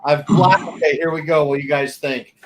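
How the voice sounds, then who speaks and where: A man's voice: a little high, fairly even intonation, fairly quick, a crowd in the background, low-quality recording. A young man co-hosting a podcast, telling crude stories in a profane, rambling way. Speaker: podcast co-host. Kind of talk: casual chat.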